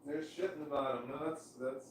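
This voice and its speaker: Briskly and in a steady, mid-range voice, a middle-aged man rambles through casual self-talk on a livestream from his home, a fan running in the room. The sound is roomy with a noisy background, and he coughs often, chuckling and correcting himself as he meanders.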